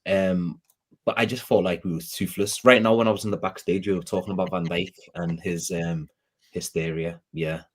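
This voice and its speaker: A man's voice: low-pitched, steady tone, moderate pace, slight background noise. A man with a Scouse accent in a casual football fan chat, rambling, rueful and self-deprecating.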